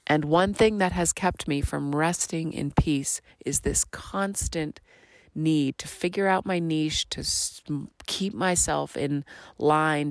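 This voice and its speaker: Low, slow, gravelly-voiced woman. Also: no echo. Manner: earnest, slow and spiritual, with dropped whispery phrases. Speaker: podcast host. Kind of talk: reflective solo podcast monologue.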